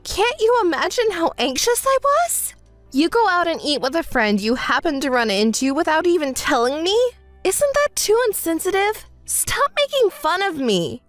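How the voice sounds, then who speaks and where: A woman's voice: high-pitched, very animated, measured pace, no room sound, soft background music. A woman voicing a hurt, indignant young bride in a text story, scolding and sarcastic.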